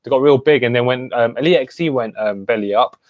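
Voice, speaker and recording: A man's voice: mid-range voice, brisk, dry recording, muffled recording. A man in his twenties hosting a live stream. He chats casually and greets viewers by name with street slang. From United Kingdom. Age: 20s. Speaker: host.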